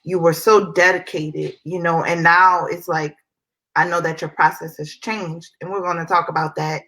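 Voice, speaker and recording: A woman hosting an interview, admiring and unhurried as she introduces her guest. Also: fairly low pitch, little pitch movement, a bit bright, rough recording. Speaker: interview host. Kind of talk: casual interview.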